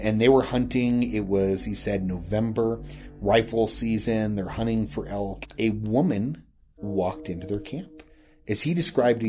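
A man's voice: fairly low pitch, a little mellow. A man from Wyoming earnestly retelling a secondhand ghost story in a casual podcast chat. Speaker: podcast host and guest storyteller.

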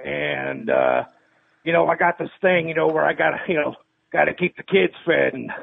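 A man's prank call comes through a tinny phone line, his voice high and heavily gravelly. He rambles with filler words and slides into ranting threats. The sound is raspy and thin throughout. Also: moderate pace. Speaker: prank caller.

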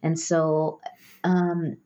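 A middle-aged woman, a guest author, answering interview questions in a thoughtful, measured way. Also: deep voice, little pitch movement, warm tone. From United States. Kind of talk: reflective interview talk. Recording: dull lo-fi sound.

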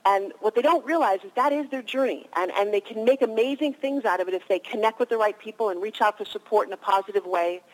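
A woman's voice: mid-range voice, fast, few pauses, rough recording. A woman in her fifties, a guest on a radio interview, telling stories with energy and animation.

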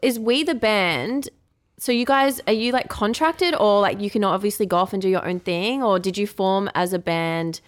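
A woman's voice: mid-range voice, moderate pace. A woman hosting a casual interview, asking chatty, curious questions. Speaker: podcast host.

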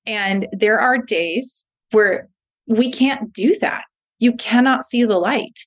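Earnest woman with a slightly high voice. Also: slow pace. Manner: earnest, reflective storytelling. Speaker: podcast guest, mother of a disabled child. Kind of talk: conversational interview.

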